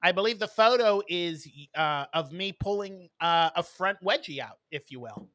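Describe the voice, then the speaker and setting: A man's voice: high voice, expressive, normal speed, fairly bright tone, dry recording. A man co-hosting a casual podcast chat, telling stories in a blunt, snarky way. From New York. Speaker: podcast co-host.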